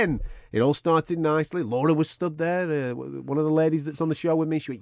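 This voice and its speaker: A man's voice: on the high side, lively intonation, fairly quick, no room sound, clean studio sound. A man hosting a podcast, chatting casually in a jokey, teasing way and swearing freely. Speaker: podcast host. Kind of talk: casual banter.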